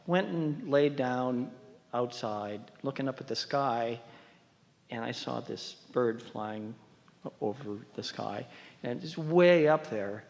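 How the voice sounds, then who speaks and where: A man from the audience, up on stage at a workshop, speaking haltingly and searching for his words. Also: medium pitch, expressive, gravelly, a little mellow. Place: large hall at a live workshop. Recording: echoey hall with long reverb.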